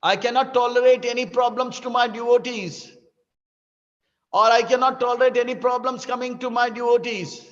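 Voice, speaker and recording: A man's voice: extremely high pitch, level tone, normal speed, fairly bright tone. A man voicing a commanding, protective divine lord during a spiritual talk, declaring urgent commands. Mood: earnest. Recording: dull lo-fi with long hall reverb.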